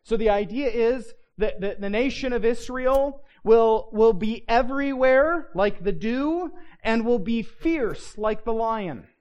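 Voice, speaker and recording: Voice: medium pitch, takes it slowly, few pauses, darkish tone, lo-fi sound. Conversational Bible teacher, reads scripture aloud, stresses key words, frequent restarts. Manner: checks in with listeners, asking "right?".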